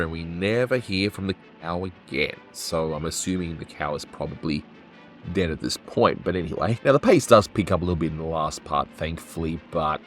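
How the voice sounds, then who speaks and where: A man hosting a show, casually reviewing an old cartoon with wry, rambling asides. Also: sits low. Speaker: host.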